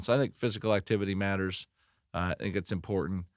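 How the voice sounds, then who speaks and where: A middle-aged man, a pastor, giving earnest, animated encouragement in a podcast interview, often restarting his sentences. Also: low-pitched, quick pace, no room sound, clean studio sound. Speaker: pastor and church leadership consultant.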